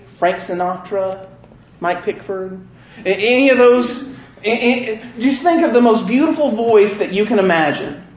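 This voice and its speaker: A man preaching a sermon, asking the listeners question after question in an earnest, deliberate way. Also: sits high. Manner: slow, questioning, earnest delivery with rhetorical questions. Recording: roomy, slightly dull recording.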